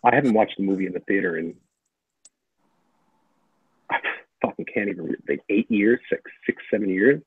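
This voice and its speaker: A man's voice: low voice, animated, moderate pace, pauses often, slightly rough, dry recording. A man joining a casual chat as a guest, joking and swearing casually. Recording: tinny phone-like line, dry.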